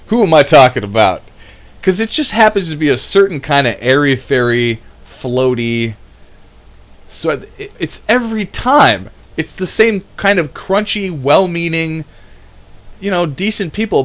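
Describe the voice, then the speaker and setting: A man rants through sarcastic political commentary, mocking his targets and swearing freely. His voice sits in an ordinary middle pitch. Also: fairly bright tone.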